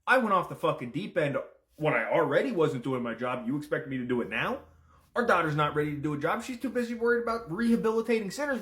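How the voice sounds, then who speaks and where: A man's voice: fairly high pitch, fairly bright tone, pitched above the performer's own voice. A man voicing an exasperated male demon king who rants and swears defensively at his wife. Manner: ranting, swearing, sarcastic.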